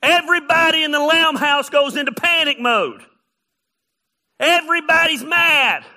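A man preaching a sermon, telling funny stories and often raising his voice to a shout. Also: extremely high pitch, a little slow. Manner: animated, often shouting, storytelling. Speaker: pastor.

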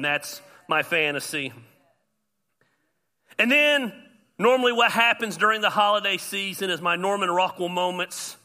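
A man, a pastor preaching an animated sermon with self-deprecating humor. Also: sits high. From US South.

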